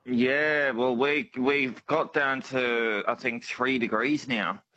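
A man's voice: medium pitch, steady tone, takes it slowly, pushed and bright, no room sound. A man with an Australian accent calling a radio show, chatty and friendly. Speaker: caller. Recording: dull phone line.

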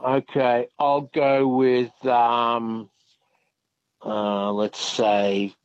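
A man calling a radio quiz, hesitant with drawn-out fillers. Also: medium pitch, little pitch movement, dry recording, highs cut off. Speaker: radio caller.

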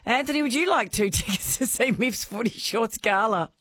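A woman's voice: fairly high pitch, expressive, normal speed, a bit bright, slightly rough. A woman hosting a radio quiz, chatting casually and laughing often with callers.

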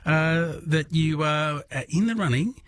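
A man's voice: on the high side, unhurried. A man hosting a late-night radio quiz, chatting easily with callers. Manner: relaxed, chatty, friendly banter with callers. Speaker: radio host.

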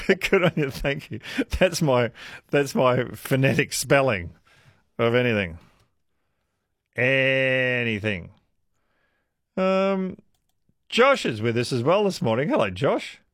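A man with an Australian accent hosting a talkback radio show, chatty and quick to laugh. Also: mid-range voice, no room sound, studio quality. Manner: chatty, laughs easily, lively. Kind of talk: casual talkback radio chat.

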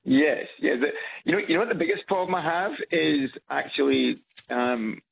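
Phoning a radio show on loudspeaker, this Edinburgh man has a somewhat high, gravelly voice with a breathy edge and moderate pace. Over the lo-fi line from Scotland he chats casually, hesitating with fillers and repetitions.

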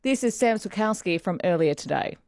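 A woman's voice: lowish voice, expressive, a little fast, darkish tone, no echo, clean studio sound. A woman with an Australian accent hosting a sports radio show, bubbly and chatty. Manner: bubbly, chatty, laughs while talking. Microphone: studio microphone.

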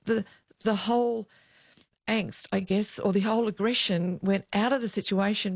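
An ex-police officer, a middle-aged Australian woman, tells interview stories in an animated way, imitating the voices of the people she quotes. Her pitch is medium and the recording has no room sound.

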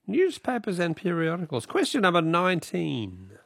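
A man's voice: sits high, huge pitch swings, normal speed, vocal fry, dry recording, studio quality. A man with an Australian accent hosting a radio call-in quiz, chatting with callers and reading out the questions. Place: radio studio.

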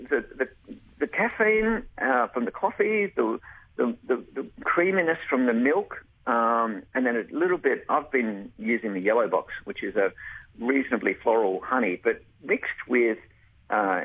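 A man's voice: medium pitch, expressive, measured pace, husky. A man, a beekeeper guest on a radio phone interview, talking enthusiastically with many stumbling restarts. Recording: tinny phone line.

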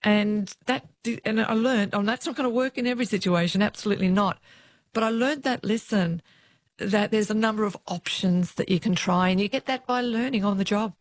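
A middle-aged woman with an Australian accent, a former police officer telling lively stories in an interview and quoting what others said. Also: mid-range voice, brisk, dry recording. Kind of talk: interview storytelling.

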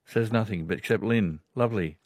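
A man's voice: fairly low pitch, a little fast, a little mellow, no room sound. Chatty Australian man hosting talkback radio. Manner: chatty, laughs often, rambling. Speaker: radio host. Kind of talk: casual talkback radio chat. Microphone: studio microphone.

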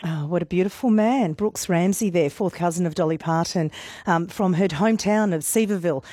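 A woman's voice: fairly low pitch, brisk, warm tone, no echo, studio quality. A woman hosting breakfast talk radio, chatty and emotional as she introduces guests and calls. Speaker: radio host.

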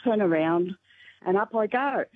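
A woman calling in to a radio show, telling a funny anecdote in an animated, laughing way. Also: medium pitch, measured pace, dry recording. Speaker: radio caller. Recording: tinny phone line.

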